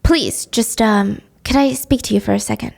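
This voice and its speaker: Polite stammering guy, as a woman reads him, halting. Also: a little high, vocal fry, a little mellow. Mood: hesitant. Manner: polite, hesitant.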